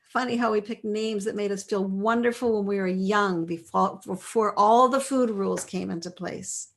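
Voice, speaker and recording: A woman in her forties leading a live online class, reading out chat replies in a gentle, affirming way and laughing often. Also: mid-range voice, normal speed. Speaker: course leader.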